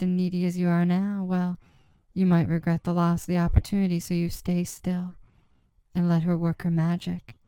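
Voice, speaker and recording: A woman narrating an erotic story in the second person, with a slow, hushed, even delivery. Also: lowish voice, clean tone, no echo, low-quality recording.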